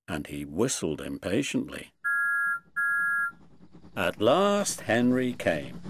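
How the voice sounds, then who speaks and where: A man reading a children's railway storybook aloud, slowly and expressively. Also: on the low side, sing-song, slight background noise. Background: background music.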